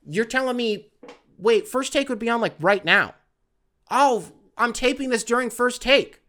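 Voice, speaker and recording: A man's voice: very high voice, measured pace. Guy hosting his own podcast solo, rambly and sweary, lots of likes and for reals, gets hyped easy. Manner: loose, profane, rambling with many fillers; gets excitable and louder when worked up. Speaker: podcast host. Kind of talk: casual solo podcast storytelling.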